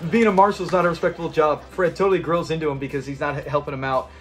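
A man's voice: on the high side, steady tone, very fast, some chatter behind. A man recapping a sitcom episode in a casual, enthusiastic, rambling way. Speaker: episode reviewer.

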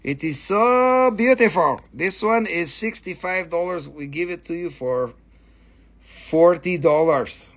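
A man with a fairly high, gravelly, husky voice hosts a live stream selling rocks and minerals. He talks at an unhurried pace, clowning around in mock broken English as he pitches each piece. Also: expressive, fairly bright tone. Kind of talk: live sales stream patter.

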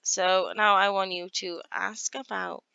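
A woman giving casual gameplay commentary, chatting along and voicing her characters in quick asides. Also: medium pitch, steady tone, vocal fry, pushed and bright, clear, resonant tone, dry recording, muffled recording. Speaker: gaming YouTuber.

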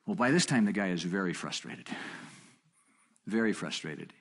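A middle-aged man leads a marriage seminar in a low, husky voice, chatting with the room and acting out both sides of a conversation. He leaps up in pitch when he wants to make a point. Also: moderate pace. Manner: conversational, storytelling with quoted dialogue; animated, jumps up in pitch for emphasis. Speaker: seminar teacher.

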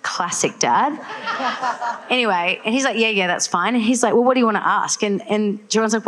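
Animated woman telling a story. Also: mid-range voice, a little fast, crowd noise. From Australia. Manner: animated storytelling, many filler "like"s. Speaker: guest speaker. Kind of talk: faith testimony told to a live audience.

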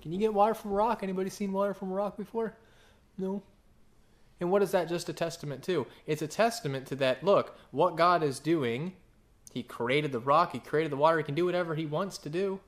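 A man preaching a sermon, animated and full of questions he answers himself, sometimes acting out voices. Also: brisk. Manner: animated, acts out quoted voices with big pitch jumps; asks the congregation questions and answers them. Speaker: pastor.

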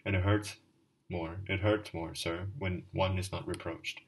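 A man's voice: low voice, fairly even intonation, unhurried, recorded from a distance, slight background noise, rough recording. A man reading the part of a drunken, self-pitying middle-aged clerk who pleads and rambles, calling his listener sir. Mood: bitter.

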